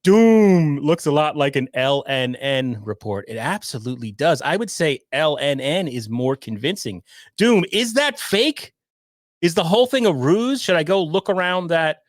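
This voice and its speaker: A man's voice: a little high, normal speed, hardly any pauses, dry recording, studio quality. Sarcastic rambling male podcast host. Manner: sarcastic, rambling, reacting to a clip. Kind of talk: casual livestream commentary.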